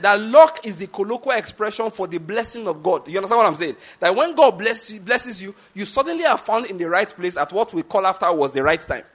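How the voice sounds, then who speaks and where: Emphatic Nigerian preacher, high-pitched man. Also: a bit bright. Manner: emphatic, repeats points, asks the audience if they follow. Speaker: pastor. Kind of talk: sermon.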